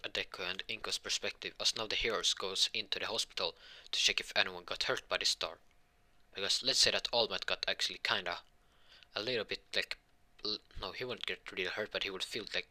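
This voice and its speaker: A man's voice: deep voice, steady tone, brisk, pushed and bright. A young man telling a fan-made story in a casual, rambling way, often restarting sentences.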